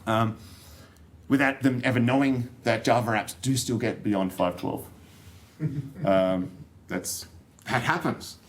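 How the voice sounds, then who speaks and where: A man's voice: medium pitch, fairly even intonation, slow pace, long pauses. Joking Australian man giving a tech talk. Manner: joking, loose and rambling, with many fillers and restarts. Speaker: conference speaker. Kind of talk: technical talk to an audience. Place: conference room.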